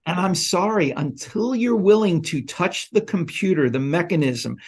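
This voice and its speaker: A man's voice: high voice, lively intonation, moderate pace. A man talking earnestly as a guest educator in a casual conversation. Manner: earnest, instructive. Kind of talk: casual chat.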